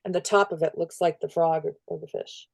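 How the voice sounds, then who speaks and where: A woman's voice: low voice, fairly even intonation, fairly quick, gravelly. A woman chatting on a podcast, thinking aloud and restarting her sentences often. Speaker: podcast co-host or guest. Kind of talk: casual podcast chat.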